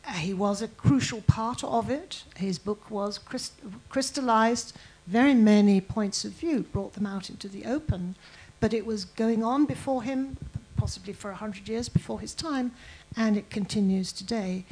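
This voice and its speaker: A woman historian answers questions in a public conversation. She sounds thoughtful and slightly hesitant, and her voice is mellow and dark. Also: mid-range voice, moderate pace, husky, rough recording. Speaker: guest historian. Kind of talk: conversational lecture talk.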